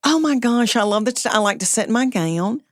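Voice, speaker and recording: A woman in her fifties with a Tennessee Southern accent, a comedian chatting with animated, self-deprecating storytelling. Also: a little high, brisk, no room sound, studio quality. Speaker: comedian guest. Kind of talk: casual chat.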